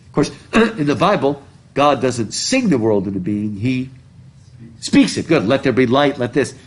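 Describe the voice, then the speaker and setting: Husky-voiced male professor lecturing a class. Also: medium pitch, expressive, moderate pace. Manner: chatty, digressive, asks the class questions. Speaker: college professor. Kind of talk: classroom lecture with reading aloud. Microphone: recording device in a classroom, speaking through a mask.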